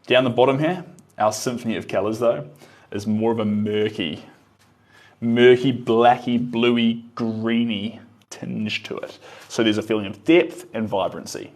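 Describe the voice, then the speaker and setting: An easygoing man talks his way through a live painting stream. He murmurs quietly to himself as he works the brush and turns to answer chat in a relaxed, musing voice of middling pitch. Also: a little slow.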